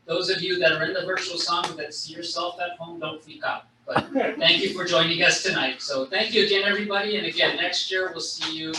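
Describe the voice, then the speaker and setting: A man's voice: fairly high pitch, fairly even intonation, a little fast. A man serving as temple president gives closing thanks at an event, rambling and repeating little connecting words. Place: large temple hall. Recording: echoey hall from far off, noisy.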